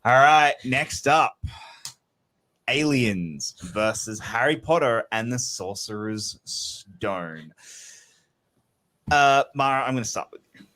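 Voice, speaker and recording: Slow-talking moderator, lively pitch. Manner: slow-spoken, laughs a lot. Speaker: podcast moderator. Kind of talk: casual podcast chat.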